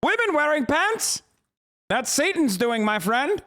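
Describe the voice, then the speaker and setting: A man voicing a scandalized old-timey male moralist in a mocking, high, affected transatlantic accent. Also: big pitch swings, a little slow, sharp tone, exaggerated voice. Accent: mock transatlantic.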